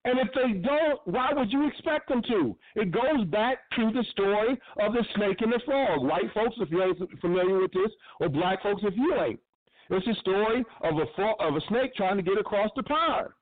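A man's voice: high voice, lively intonation, moderate pace, dry recording. A man hosting a radio show, giving blunt, profane, impassioned commentary. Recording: tinny phone-line sound.

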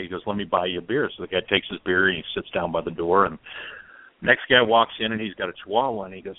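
Joking guy cohost on a bike radio show, lowish voice, dry and thin like a phone call. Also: fairly even intonation, quick pace, dry recording. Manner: joking, stumbling restarts. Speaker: co-host of a custom motorcycle radio show. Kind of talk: casual chat, telling jokes. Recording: phone-like narrow band, dry.

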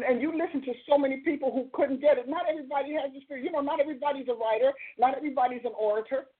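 A woman host preaching in a loose, conversational way, driving her points home by repeating phrases. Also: a little high. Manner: emphatic, repeats phrases for stress. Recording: tinny phone-line sound.

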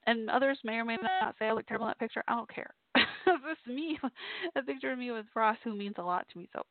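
A woman's voice: on the high side, animated, fast, no room sound. A woman telling a personal story to her listeners in a chatty way, laughing often. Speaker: podcast host. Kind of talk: casual storytelling monologue. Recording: tinny phone-like sound, dry.

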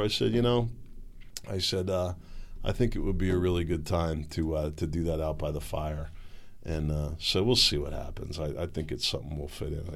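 A middle-aged man hosting a show, talking in a rambling, folksy way and often stumbling over repeated words. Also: sits low. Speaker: podcast host. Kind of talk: casual monologue.

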